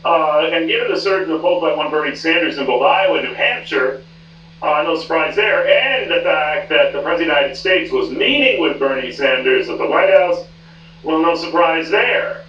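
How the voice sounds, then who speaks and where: A man anchoring a television news show, talking briskly and conversationally. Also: on the high side, expressive, slight background noise. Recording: dull, roomy, distant rebroadcast.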